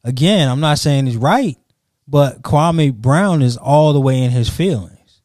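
Measured, argumentative man chatting. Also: mid-range voice, expressive, darkish tone, no room sound, studio quality. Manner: argumentative, measured, pushes back with counterpoints. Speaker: podcast co-host. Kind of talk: casual chat.

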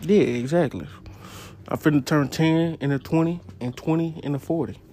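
A young man hosting a casual podcast, telling profane stories into a phone voice memo app and jumping up high when he quotes people. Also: moderate pace, dark tone, a little hiss or hum. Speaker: podcast host. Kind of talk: casual chat, storytelling.

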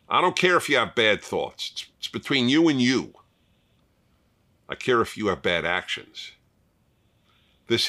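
A man's voice: mid-range voice, bright, forceful tone. An older man hosting a fireside chat, talking emphatically and repeating points for stress. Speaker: host.

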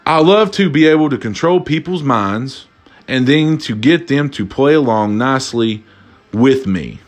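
A man hosting a casual, comedic talk, reading out viewer submissions and reacting with loud, profane amusement. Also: medium pitch, measured pace. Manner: animated, laughing, profane, cracks up. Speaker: host.

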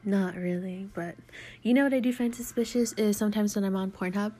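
A young adult woman co-hosting a casual podcast, telling candid, crude stories in a lively, joking way. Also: medium pitch, fairly quick. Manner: candid, crude, animated storyteller. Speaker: podcast co-host.

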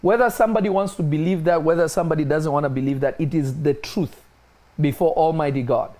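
A man preaches in a spiritual discussion, talking fast in a slightly mellow voice. He is emphatic, repeats key phrases, and rises in pitch when stressing his points.

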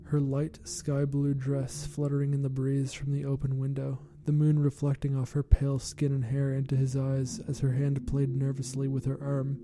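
A man narrating a horror story in a measured, steady reading. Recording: rumbling background noise.

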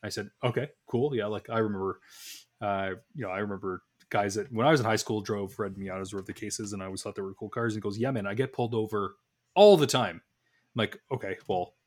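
A man in his thirties co-hosting a podcast, telling a long story with many restarts and acted-out dialogue. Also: on the low side. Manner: rambling anecdotal storytelling with many restarts and animated quoted dialogue. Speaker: podcast co-host. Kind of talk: casual podcast chat.

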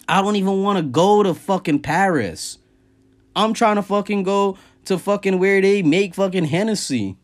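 A man holds forth in a loose, foul-mouthed comic rant, his voice sitting a little above the usual male range. He shoots his pitch sharply upward whenever he wants to stress a point, keeping the talk animated and conversational like a podcast host. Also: fairly quick. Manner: profane, animated, jumps high in pitch for emphasis. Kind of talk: casual comedic rant.

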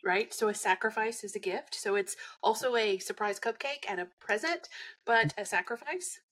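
A woman's voice: mid-range voice, moderate pace, fairly bright tone. A woman guest in casual podcast chat, explaining things bluntly and teasing her host dryly.

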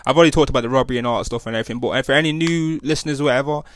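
Fast-talking man, rambling story. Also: medium pitch, steady tone, no room sound. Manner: rambling, slangy, with many restarts and tag questions. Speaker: podcast host. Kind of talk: casual storytelling monologue.

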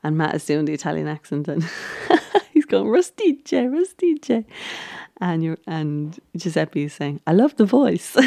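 A woman's voice: low voice, vocal fry, a little mellow, dry recording, studio quality. A woman casually recapping a baking show, chatty and giggly, with lots of ums and restarts.

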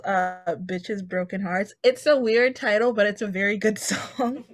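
A woman's voice: medium pitch, unhurried. A young woman co-hosting a podcast in casual chat, rambling and searching for her words. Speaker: podcast co-host.

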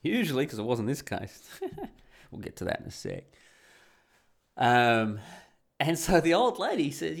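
A man's voice: mid-range voice, very animated, normal speed, creaky. An adult man casually telling a rambling, profane travel anecdote, often laughing as he talks. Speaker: storyteller.

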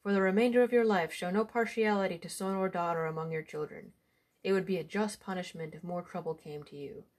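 A woman's voice: fairly low pitch, steady tone, brisk, a little mellow, a little hiss or hum, lightly acted. A woman voicing a stern village priest who speaks solemnly and lectures.

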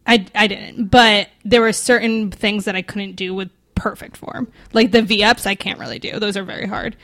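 A woman's voice: mid-range voice, steady tone, normal speed, a bit bright. A young adult woman co-hosting a podcast in casual chat, rambling with lots of filler words. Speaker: podcast co-host.

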